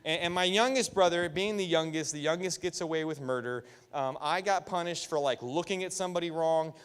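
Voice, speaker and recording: Animated youth pastor in an echoey hall. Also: male voice, on the high side, brisk, clear, resonant tone. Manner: animated storytelling with jokes and voiced quotes. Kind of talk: sermon. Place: church youth room. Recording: echoey hall with long reverb.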